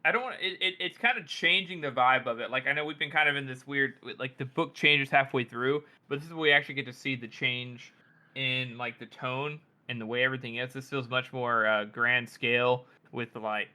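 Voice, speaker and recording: A man co-hosting a casual book podcast, giving his opinion in a hesitant, halting way. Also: mid-range voice, bright, forceful tone. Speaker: podcast co-host. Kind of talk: casual book-discussion chat.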